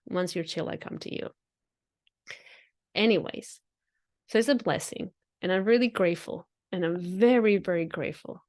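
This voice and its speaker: A woman with a lilt talks through a reflective spiritual monologue as a podcast host. She sounds earnest and often circles back on her own phrases, with ordinary mid-range pitch.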